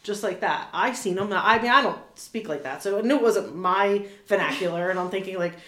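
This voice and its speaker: A woman's voice: medium pitch, brisk, fairly bright tone, echoey room. A woman in her thirties chatting casually as an interview guest, full of fillers, restarts and little laughs. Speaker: animal communicator guest.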